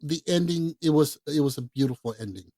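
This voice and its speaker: A man co-hosting a podcast, talking casually about films in a blunt, profane, animated way. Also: on the high side, brisk, no room sound. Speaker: podcast co-host. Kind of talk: casual film chat.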